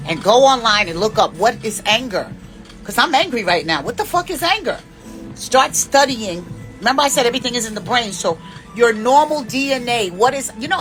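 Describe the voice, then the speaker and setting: A woman's voice: fairly high pitch, lively intonation, a little fast, a bit bright, soft background music. A woman in her fifties giving blunt, profane life advice in an unscripted monologue. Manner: blunt, profane and preachy, with big swings in emphasis.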